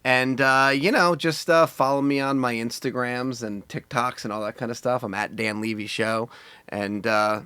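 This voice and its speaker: Animated guest comedian, bright-voiced man. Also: medium pitch, moderate pace, clear, resonant tone, dry recording. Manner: animated storyteller, acts out voices. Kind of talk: casual comedy podcast chat.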